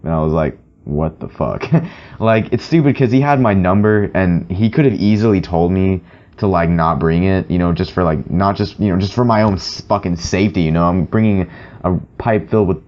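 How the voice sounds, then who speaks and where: A man's voice: low-pitched, a little fast, a little mellow, lo-fi sound. A young man telling a story to his viewers in a rambling, profane way, full of filler words. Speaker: vlogger. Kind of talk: casual storytelling to camera.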